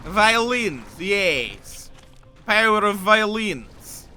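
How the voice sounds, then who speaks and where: A man on a gaming livestream voicing a theatrical, mock-menacing Russian-accented character in slow, exaggerated threats. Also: high voice, very animated, pushed and bright, soft background music, heavily acted. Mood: deadpan.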